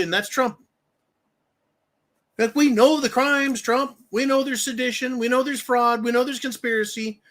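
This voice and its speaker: A man's voice: high-pitched, normal speed, a bit bright. A man hosting a political commentary show, ranting angrily and emphatically, with frequent profanity. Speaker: host.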